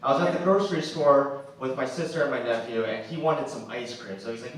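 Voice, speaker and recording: A young man performs stand-up on a theatre stage as the audience laughs, talking conversationally, acting out other people's lines, and using "like" a lot. His voice is medium-pitched and a little fast, recorded from a distant mic with roomy echo and faint noise.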